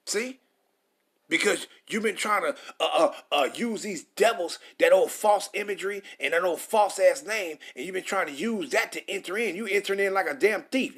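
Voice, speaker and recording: A man's voice: sits high, a bit bright. A man preaching a confrontational sermon, reading verses aloud then ranting at listeners with heavy profanity and frequent stumbles. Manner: stumbles over words.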